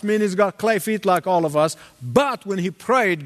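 A man preaching a sermon as pastor, dramatic and animated, acting out the voices of the people in his story. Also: high voice, moderate pace, in a large hall.

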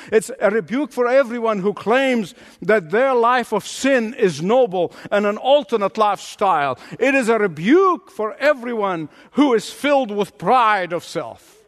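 A man preaching a sermon as a pastor, emphatic and driving his points home with rhetorical repetition. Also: high-pitched. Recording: long hall reverb.

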